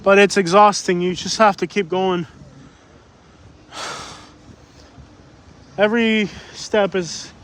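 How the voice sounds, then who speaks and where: High-voiced, breathless man streaming outdoors. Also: steady tone, takes it slowly, pauses often, a bit bright. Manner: opinionated, emphatic, repeats himself. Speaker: livestream vlogger. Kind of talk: casual live-stream chat. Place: beach outdoors.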